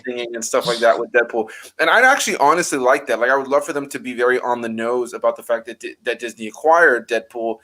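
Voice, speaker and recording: Bright-voiced man rambling in casual chat. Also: mid-range voice, quick pace. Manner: rambling, animated, many fillers. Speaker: host.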